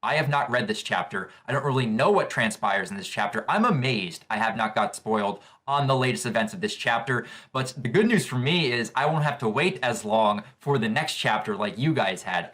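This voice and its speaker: A man's voice: medium pitch, fairly bright tone. A man hosting a live manga reaction video, eagerly describing each panel as he reads along. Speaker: manga reaction channel host.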